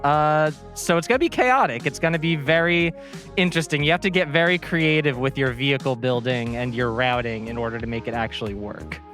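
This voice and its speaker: A woman's voice: rumbling low, brisk, a bit bright, soft background music. A woman from New Jersey with a New Jersey accent, a guest chatting at length about her gaming run on a charity stream. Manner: chatty, explains at length with fillers. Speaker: guest speedrunner. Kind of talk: casual interview on a charity stream.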